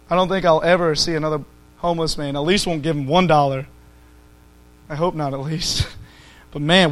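A man's voice: high-pitched, fairly bright tone, low-quality recording. A man preaching a conversational sermon to his church, rising to emphatic peaks.

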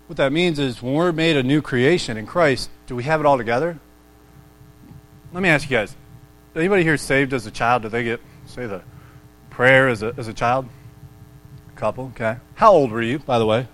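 This youth-group sermon comes from a man of about thirty whose medium-pitched voice is a bit bright. His talk is casual and conversational, prone to tangents and self-deprecation, with frequent questions to his audience.

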